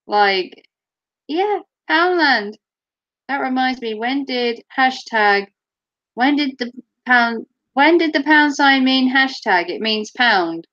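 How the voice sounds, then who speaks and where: A woman's voice: high voice, lively intonation, slow pace, a bit bright. Give me a teasing, giggly woman vlogging on a dull lo-fi recording. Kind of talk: casual chat to camera.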